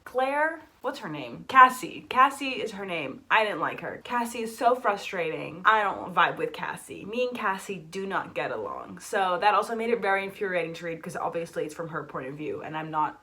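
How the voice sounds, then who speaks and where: A young American woman chatting casually about books in a vlog, animated and talkative, ranting with lots of "like" fillers. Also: on the low side, normal speed, few pauses. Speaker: book vlogger. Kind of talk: casual book review chat.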